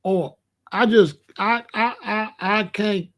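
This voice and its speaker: Slow-talking man host. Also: sits high, a bit bright. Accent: African American. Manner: rambling, repeats and restarts, retells conversations. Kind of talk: casual commentary.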